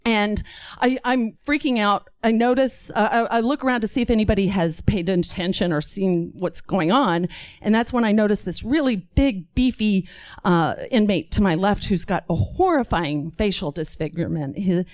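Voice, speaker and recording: A woman from Texas telling a comic personal story on stage, animated and acting out every voice. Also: mid-range voice, moderate pace, no echo, studio quality.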